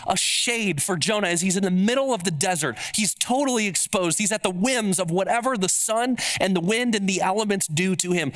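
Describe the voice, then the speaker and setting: A man's voice: high voice, fairly bright tone. A man preaching a sermon in church as pastor, emphatic and often putting questions to his listeners. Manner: emphatic, asks the audience questions.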